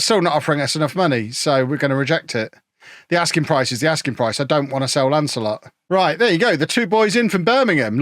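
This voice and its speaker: A man's voice: on the high side, a bit bright, dry recording, clean studio sound. A man from England, chatting casually and joking with his chat while streaming a football management game. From Peterborough, England.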